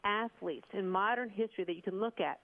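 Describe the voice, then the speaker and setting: A woman in her fifties, a sports broadcaster chatting on a radio show, telling stories in a lively, animated way. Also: mid-range voice, fairly quick. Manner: chatty, animated storyteller who slips into voices. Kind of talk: casual radio chat. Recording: dull remote line.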